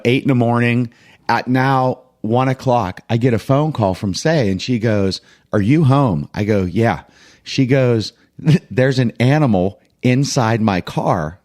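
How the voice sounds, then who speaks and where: A man, a coach and co-host, telling a long story in casual chat, acting out the people in it and laughing as he goes. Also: lowish voice. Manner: animated storyteller, acts out quoted voices, laughs while telling.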